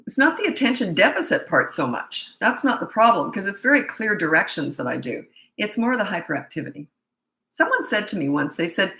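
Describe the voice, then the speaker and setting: A middle-aged woman, a parenting coach, fields viewer questions in a casual live Q&A, blunt, emphatic and repetitive. Her voice sits at medium pitch with a sharp tone. The recording is low quality and reverberant.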